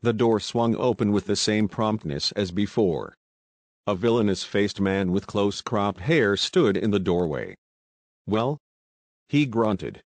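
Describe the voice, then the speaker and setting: A man narrating a novel aloud in a steady, measured reading voice. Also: lowish voice, no room sound. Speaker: audiobook narrator. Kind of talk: scripted narration.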